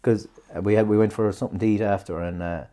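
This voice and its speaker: A man's voice: lowish voice, steady tone, fast, warm tone. A man with an Irish accent, co-hosting a podcast in casual chat, telling rambling stories with plenty of swearing and laughter. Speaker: podcast co-host.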